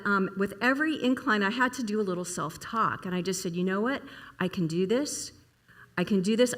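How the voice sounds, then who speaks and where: A middle-aged woman minister gives a casual, story-driven sermon at a church service, chatting and putting questions to her congregation. Her voice is medium in pitch, with a bright, forceful tone.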